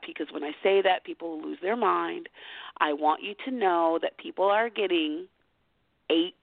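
A woman's voice: fairly low pitch, vocal fry, dry recording. A woman guest on a phone-in radio talk show, explaining cuddle party facilitation in a chatty, friendly way with frequent laughs. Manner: warm, chatty, laughs often, repeats details slowly. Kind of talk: casual phone interview. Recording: tinny phone line, dry.

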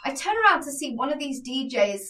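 A young woman, co-hosting a podcast and telling a night-out story in an animated, sweary way. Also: sits high, fairly quick, echoey room, far from the mic. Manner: animated, swears often, acts out quotes in bursts. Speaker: podcast co-host. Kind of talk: casual storytelling chat.

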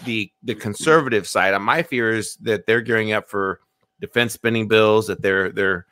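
A lower-voiced man with a bright, forceful tone, giving measured political commentary as a co-host. He is recorded close and dry. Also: dry recording.

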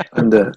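A man in his sixties from Northern Ireland with a Northern Irish accent, telling lively stories as an interview guest. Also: poor audio. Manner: lively yarn-spinner acting out quotes. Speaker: guest, former footballer. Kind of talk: anecdotal storytelling.

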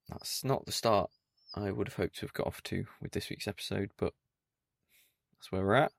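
A man's voice: lowish voice, unhurried, vocal fry, long pauses. A man hosting a solo podcast, talking in a dry, mock-stern and pedantic way. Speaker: podcast host.

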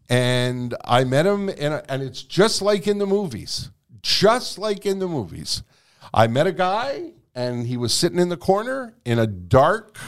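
A man telling a long anecdote as a guest in a conversation, animated and freely swearing. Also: a little high. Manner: animated, profane storytelling. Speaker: guest storyteller.

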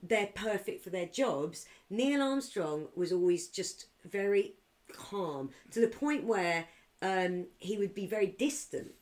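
A woman co-hosting a podcast in casual chat, animated, quick to laugh and swear. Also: mid-range voice. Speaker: podcast co-host.

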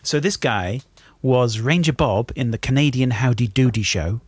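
A man hosting a casual chat, eagerly chiming in with quick agreements and laughs. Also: mid-range voice, slightly rough, no echo. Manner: eager back-channelling, lots of quick yeahs.

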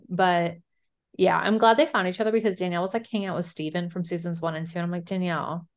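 A woman co-hosts a podcast over a remote call recording, chatting casually, talking a lot, swearing freely and laughing often. Her voice sits on the low side, with fairly even intonation and a brisk pace.

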